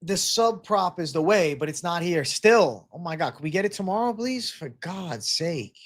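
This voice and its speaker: A man's voice: high voice, expressive, moderate pace, dry recording. A man hosting a live-streamed MMA betting show, ranting with profanity to his chat about fight props. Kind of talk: live-stream prop picks talk.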